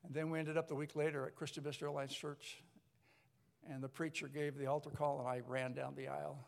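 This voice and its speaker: An older man, a pastor, telling his story in a sermon, lively, with many restarts and acted-out voices. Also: on the high side, fast, creaky. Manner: animated storyteller, acts out voices, rambling restarts. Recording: long hall reverb.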